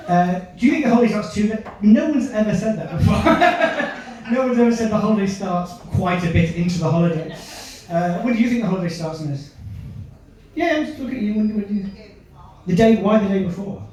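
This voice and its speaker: A man's voice: high voice, darkish tone. A man doing a stand-up set, chatting and quizzing audience members from the stage. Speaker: stand-up comedian. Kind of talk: stand-up set with crowd work. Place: comedy club stage. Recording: echoey club, from a distance.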